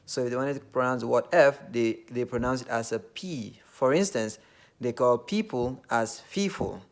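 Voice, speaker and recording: A man's voice: mid-range voice, moderate pace. A man from Nigeria with a Nigerian accent, talking in a casual, earnest monologue full of fillers. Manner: earnest, loosely phrased with many fillers.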